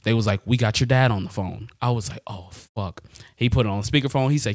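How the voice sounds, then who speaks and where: A young man on a podcast, casually telling a story in slangy, animated talk and laughing often. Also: lowish voice, quick pace, no room sound, clean studio sound. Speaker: podcast co-host.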